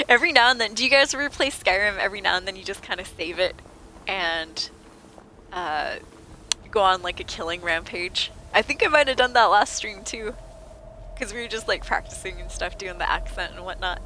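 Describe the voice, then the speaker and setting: A woman streaming a video game, chatting to viewers and excitedly shouting at characters. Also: mid-range voice, moderate pace, a little hiss or hum. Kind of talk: live gameplay commentary.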